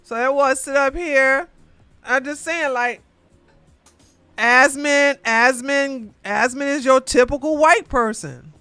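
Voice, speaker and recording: A woman ranting in a rambling, casual way, animated and profane, often repeating herself. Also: high-pitched, slow, no room sound, faint music behind.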